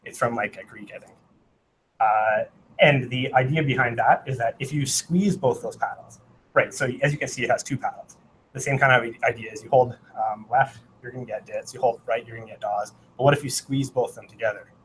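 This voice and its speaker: A man's voice: medium pitch, fairly even intonation, a little fast, fairly bright tone, slight background noise, poor audio. Rambling man giving a hands-on tech talk. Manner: rambling, many fillers and self-corrections, sings out Morse rhythms. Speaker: meetup presenter. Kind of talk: casual technical talk with live demo. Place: meetup room.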